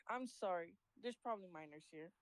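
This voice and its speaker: A woman's voice: on the low side, brisk, no room sound, rough recording. Woman ranting a story over a voice call, swears a lot, dry close sound. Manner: heated, profane, animated storytelling. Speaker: stream guest. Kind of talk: casual chat, storytelling.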